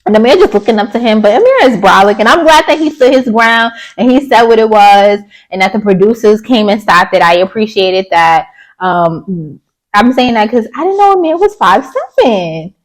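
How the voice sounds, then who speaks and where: A woman's voice: mid-range voice, lively intonation, moderate pace, poor audio. A woman giving a casual, opinionated recap of a reality show, chatty and blunt, with sassy asides and mocking quoted voices. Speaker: YouTube reality-TV reviewer.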